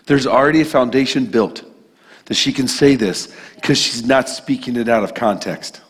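A man's voice: medium pitch, normal speed, slightly rough. A man preaching a sermon in a church in a conversational, emphatic way, with casual asides. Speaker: pastor. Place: church sanctuary. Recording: long hall reverb.

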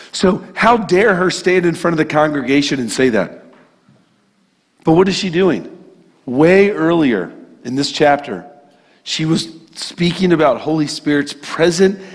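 Casual preaching man, hall reverb. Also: a little high. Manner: conversational and emphatic, with casual asides. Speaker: pastor. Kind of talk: sermon. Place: church sanctuary.

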